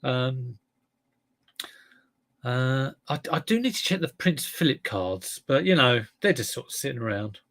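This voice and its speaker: A man's voice: mid-range voice, very animated, unhurried, a bit bright. Man, livestream host, casual chat, rambling, self-correcting.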